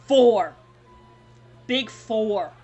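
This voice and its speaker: A woman's voice: a little high, animated, drawn-out words, warm tone, muffled recording, soft background music. A woman voicing a burly, angry male teacher who grumbles and complains in a tabletop game. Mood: fed-up.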